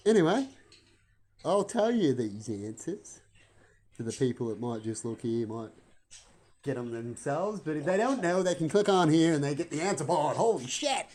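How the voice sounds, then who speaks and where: A man's voice: medium pitch, darkish tone. A man, rambling through a casual vlog monologue full of rhetorical questions. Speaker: vlogger.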